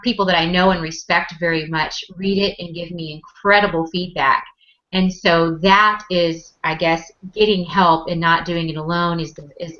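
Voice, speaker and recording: A woman's voice: on the low side, pushed and bright. A woman entrepreneur answering on a panel, confident and reflective. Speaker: entrepreneur, competition winner. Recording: muffled lo-fi recording.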